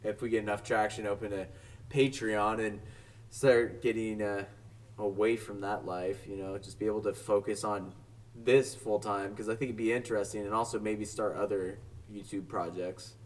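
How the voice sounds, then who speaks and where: A man's voice: fairly low pitch, fairly even intonation, moderate pace. A young man co-hosting a casual podcast chat, laid-back and swearing often. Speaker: podcast co-host. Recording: distant from the mic.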